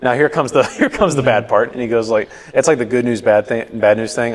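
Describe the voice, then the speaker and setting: A man's voice: medium pitch, fairly quick. A young man, co-hosting a podcast, telling a long rambling story in casual chat with lots of fillers. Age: young adult. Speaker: podcast co-host. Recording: long hall reverb.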